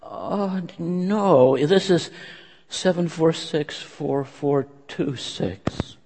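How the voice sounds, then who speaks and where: A man's voice: a little high, very slow, darkish tone, husky, voice pushed up, full character voice. A man voicing an overwhelmed young housewife, pleading, her voice rising as she tells her troubles, heard in a church with long reverb. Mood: puzzled.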